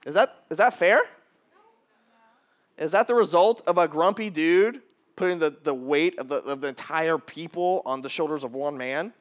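A man in his thirties preaching a casual, animated sermon, jumping to loud high bursts when he acts out quotes. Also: normal speed. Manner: casual, repeats words as he restarts. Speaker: pastor.

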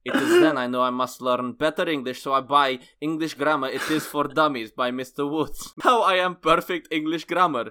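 A man's voice: a little high, normal speed, hardly any pauses, bright, forceful tone, smooth. A man voicing a boastful Russian male immigrant in broken English, with a put-on Russian accent and rolled R's. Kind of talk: comic reading of a review.

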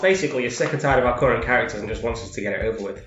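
A man's voice: mid-range voice, racing, few pauses, fairly bright tone, faint music behind. A man playing a tabletop game, teasing the others with a dry tone. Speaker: player. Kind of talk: casual tabletop game chat. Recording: echoey room, dull sound.

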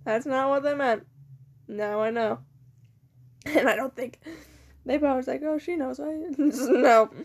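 Teen girl vlogging, high voice, rambly and sweary, giggles a lot, mouth numb from the dentist. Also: takes it slowly, long pauses, a little mellow. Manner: rambling, profane, giggly storytelling. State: numb mouth after dental work. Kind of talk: casual chat.

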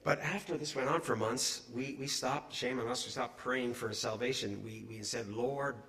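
A middle-aged man preaching a sermon in an animated, conversational way, asking his congregation questions. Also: mid-range voice, normal speed.

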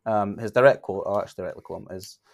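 Hesitant Northern English man, low voice. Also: racing, vocal fry. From Northern England. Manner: hesitant, lots of fillers. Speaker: podcast co-host. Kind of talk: casual sports chat.

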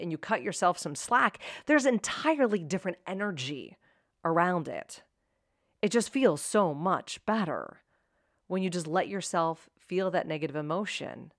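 A woman's voice: lowish voice, fairly bright tone, no room sound, clean studio sound. A woman hosting a motivational self-help talk, speaking straight to the listener with upbeat rhetorical questions.

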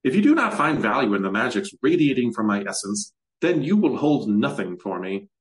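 A man's voice: mid-range voice, very animated, fairly quick, lightly acted. A man playing a proud, defiant archmage.

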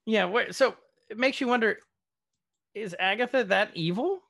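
Gravelly, slightly high-voiced man chatting. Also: moderate pace, a bit bright. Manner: chatty, leads the discussion, many fillers. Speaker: podcast co-host. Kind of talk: casual chat recapping a TV episode.

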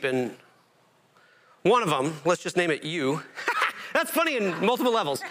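A man preaching a sermon as pastor, animated and self-interrupting, climbing to emphatic peaks. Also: on the high side, moderate pace, pauses often, slight background noise.

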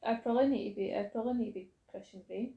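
A woman's voice: fairly high pitch, very fast, gravelly, reverberant, highs cut off. A woman in casual podcast chat who laughs often and acts out quotes.

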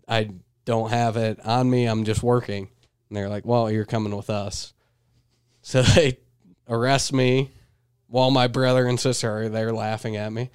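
Young comedian guy, smooth voice, laughs easy. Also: medium pitch, darkish tone, dry recording, studio quality. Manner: laughing, easygoing. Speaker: comedian guest. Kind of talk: casual storytelling chat.

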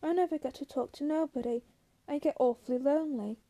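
A woman's voice: sits high, a little fast, dark tone, close to an everyday voice. A woman reading a lonely, coaxing young ranch wife. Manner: coaxing, restless, bitter.

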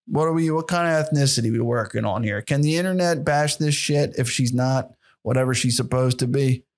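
A man's voice: medium pitch, fairly quick. A young man hosting a solo podcast, rambling and sarcastic with plenty of swearing. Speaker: podcast host.

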